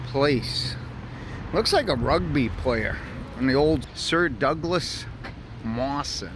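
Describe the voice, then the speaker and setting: Chatty man on a walking tour. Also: mid-range voice. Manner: chatty, thinking aloud. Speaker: travel vlogger. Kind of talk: casual walking tour narration. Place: city streets outdoors. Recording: outdoor street noise.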